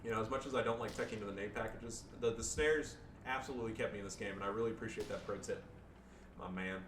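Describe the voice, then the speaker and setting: A man's voice: on the low side, quick pace, fairly bright tone. Casual joking man in an echoey room. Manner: joking, loose, swears, fillers like "you know". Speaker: gamer commentating own match. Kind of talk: casual gameplay commentary. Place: home room with family around. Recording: echoey room, far-off mic, background noise.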